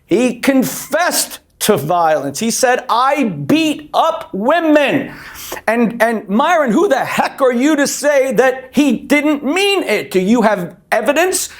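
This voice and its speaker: Male rabbi guest, fiery emphatic debater, keeps repeating himself to get the floor. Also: very high voice. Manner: impassioned, emphatic, repeats words to break in. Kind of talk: heated televised panel debate.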